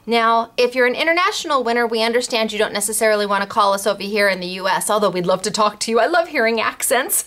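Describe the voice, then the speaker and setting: A woman hosting a craft shop video show, chatting through announcements in a bubbly, giggly way and spelling out names and numbers slowly. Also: fairly high pitch, lively intonation, fairly bright tone. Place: craft store.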